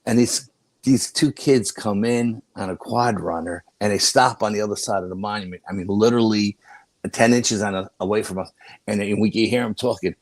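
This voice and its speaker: An older man with a low, deep voice tells a long story as a guest. He rambles casually, restarting his sentences and filling gaps with "you know". The sound is close and dry, with no room around it. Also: moderate pace, no echo. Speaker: paranormal investigator guest.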